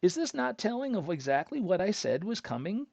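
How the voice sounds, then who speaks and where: Gravelly middle-aged man rambling through stories. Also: high-pitched, very animated, a little fast, darkish tone, no echo. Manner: rambling, chatty, self-interrupting storyteller. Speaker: host. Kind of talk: casual storytelling monologue. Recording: dull lo-fi dry recording.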